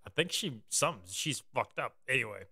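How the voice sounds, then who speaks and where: A man's voice: medium pitch, animated, normal speed, gravelly, pushed and bright, slightly rough. A young man hosting a podcast in casual chat, rambling through a story with loose, swearing banter. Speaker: podcast host.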